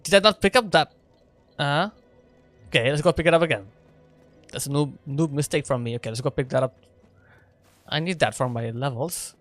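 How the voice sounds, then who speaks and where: Playful man streamer, slightly high voice. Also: moderate pace, pauses often, dry recording, faint music behind. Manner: playful, laughs often, chats with viewers. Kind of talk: casual live gameplay chat.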